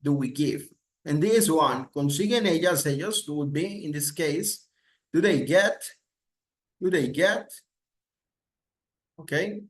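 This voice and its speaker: Speaking slowly and pausing often, a man with a somewhat high voice records a grammar lesson for Spanish speakers learning English. He moves back and forth between the two languages, repeating sample questions with a rising lilt.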